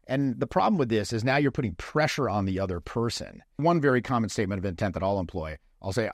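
A man's voice: on the low side, expressive, no room sound, studio quality. Blunt profane man coaching dating. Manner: blunt and profane, acts out quick mock lines. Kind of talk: casual coaching talk.

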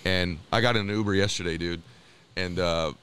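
A middle-aged man appears as a guest in a podcast interview, speaking a little fast in a low-pitched voice with a clean tone. He's earnest and motivational, an animated storyteller who acts out the dialogue in his stories.

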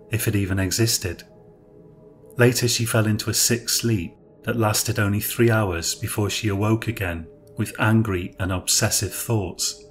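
A male narrator with a low voice reads a scripted dark story in a measured, even, unhurried way. Soft music plays faintly beneath him.

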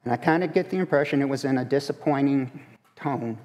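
Fairly quick and darkish in tone, a man's mid-range voice fills a church sanctuary with long hall reverb. He preaches a conversational sermon, asking the congregation questions throughout.

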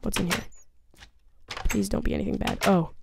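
Woman, gaming host, jittery self-talk commentary, middle pitch, faint hiss behind. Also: steady tone, moderate pace, gravelly. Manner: jumpy, nervous, chattering to herself and the game. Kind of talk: let's play commentary.

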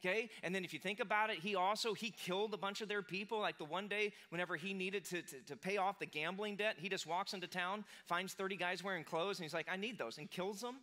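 A man preaches in a church sanctuary, his high-sitting voice fast and sharp with few pauses. He delivers the sermon loosely and conversationally, stumbling through fillers and restarts while voicing the people in his stories.

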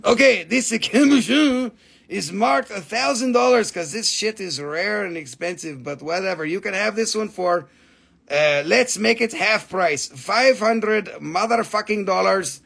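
A man's voice: high voice, animated, a little slow, creaky, fairly bright tone, slightly rough. Crude, joking man selling crystals. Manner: crude joking sales patter. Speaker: live sale host. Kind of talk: live shopping stream.

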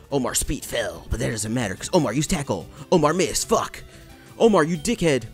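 A young man commentating his video game playthrough, rambling and cursing, shouting at the game now and then. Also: medium pitch, expressive, fairly quick, soft background music. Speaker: gaming channel host. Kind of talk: let's play commentary.

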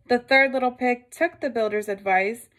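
A woman reading a picture book aloud to children, gently stopping to ask her listeners questions. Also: fairly high pitch, moderate pace.

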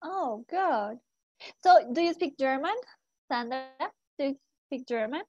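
A woman's voice: high-pitched, animated, unhurried, darkish tone, muffled recording. A young woman teaching an English class to students, asking many short questions and switching into Spanish to explain.

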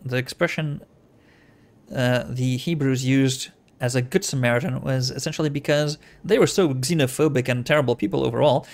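A man's voice: mid-range voice, normal speed. A man hosting a let's-play, reading the game aloud and adding wry, rambling asides. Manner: wry, digressive, hesitant with fillers.

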